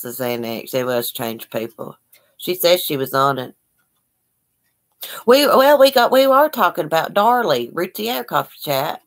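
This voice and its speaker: Woman with a really deep voice chatting live, reading comments, sympathetic and folksy. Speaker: livestream host. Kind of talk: casual live chat reading viewer comments.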